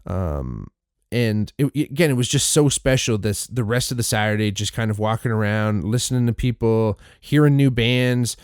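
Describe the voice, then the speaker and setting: Rambling low-voiced podcast host man. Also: expressive, moderate pace, clear, resonant tone, no room sound, studio quality. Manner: rambling, frequent restarts and swearing. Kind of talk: casual solo recap.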